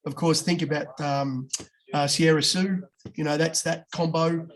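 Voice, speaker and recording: Aussie bloke, fairly high voice, casual sweary punting chat with a co-host. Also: male voice, fairly even intonation. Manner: blokey, swears freely, talks fast with quick jumps in pitch. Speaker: podcast co-host giving racing tips.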